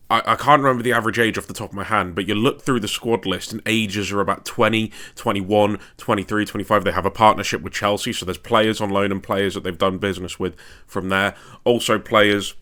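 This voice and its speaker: A man's voice: on the low side, pushed and bright. A young Englishman talking casually through football tactics, rambling with self-mocking asides. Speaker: football tactics video maker. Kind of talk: casual solo commentary.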